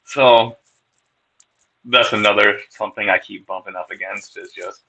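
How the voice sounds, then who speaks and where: Male storyteller, slow-talking and candid, a bit low-pitched, cursing freely. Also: steady tone, creaky, pushed and bright, husky, poor audio. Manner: candid, profane, wry storytelling. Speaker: podcast guest sharing his recovery story. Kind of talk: casual personal storytelling.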